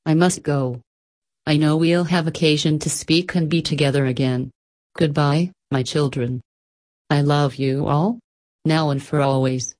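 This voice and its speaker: An old man near the end of his life, a warm-hearted artist saying gentle, heartfelt goodbyes, read by a woman. The voice is low and soft. It belongs to a quiet storybook. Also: steady tone, measured pace. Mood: tender. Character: dying old male artist, loving and grateful.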